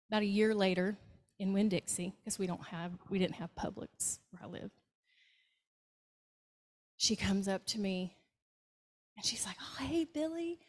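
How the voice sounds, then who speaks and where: A woman with a Southern US accent, a hospice nurse telling stories to a club meeting and acting out the people in them. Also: mid-range voice. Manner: warm anecdotal storytelling with acted quotes. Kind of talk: storytelling talk to a club. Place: meeting room, hybrid meeting.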